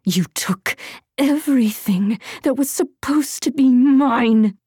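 A woman's voice: mid-range voice, slow pace, vocal fry, dark tone, husky, dry recording, clean studio sound, exaggerated voice. Woman voicing a taunting vengeful villainess. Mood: menacing. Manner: taunting, hissing, singsong. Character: vengeful female villain, prowling and mocking.

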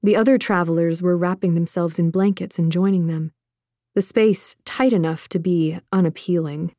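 A woman narrating an audiobook in a measured, expressive manner. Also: on the low side, dry recording, clean studio sound.

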